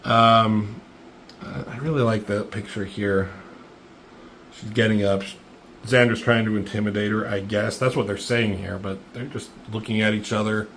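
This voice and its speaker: A man's voice: on the low side, normal speed, a little hiss or hum. A man casually recapping a comic book page by page, swearing freely and getting worked up over the fight scenes, with lots of fillers. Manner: profane, excitable play-by-play with lots of fillers.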